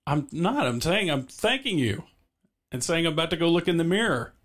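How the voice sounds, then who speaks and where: A man hosting a live stream in a relaxed, easygoing way, prompting his guest with questions. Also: on the high side, brisk. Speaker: stream host. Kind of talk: casual stream chat.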